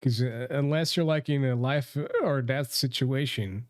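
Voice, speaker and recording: A man's voice: mid-range voice, a little slow. A man co-hosting a podcast, blunt and swearing freely in casual chat. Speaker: podcast co-host.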